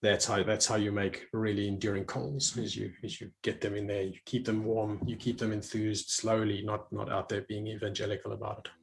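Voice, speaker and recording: A man's voice: lowish voice, little pitch movement, a little fast, gravelly, hardly any pauses, slight background noise. A middle-aged man talking reflectively as a guest, often restarting his phrases and laughing easily. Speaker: guest speaker. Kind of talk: conversational online talk.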